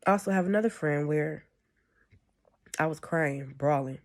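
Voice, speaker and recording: A woman with a deep voice delivers a casual, rambling spiritual monologue at a moderate pace, often checking in with "you know what I'm saying."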